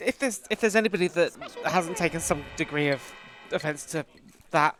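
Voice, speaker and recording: A man's voice: fairly high pitch, moderate pace, music in the background. A man sitting in as co-commentator, chatting casually with dry, joking asides. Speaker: co-commentator on the couch. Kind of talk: casual chat.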